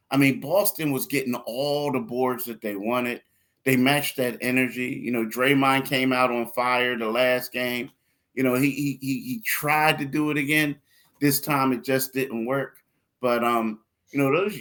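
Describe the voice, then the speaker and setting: A man with a medium-pitched, fairly bright voice co-hosts a sports podcast. His casual talk rambles loosely, with repeated words and bits of laughter.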